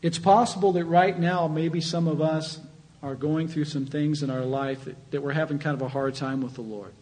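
Pastor, male, earnest conversational sermon delivery, voice a touch high. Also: steady tone, moderate pace, darkish tone, rough recording. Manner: earnest, conversational preaching with rising emphasis.

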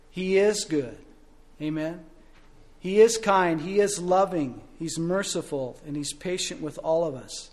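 A male pastor preaching a sermon, telling stories and asking rhetorical questions, swinging between loud and soft. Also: fairly high pitch.

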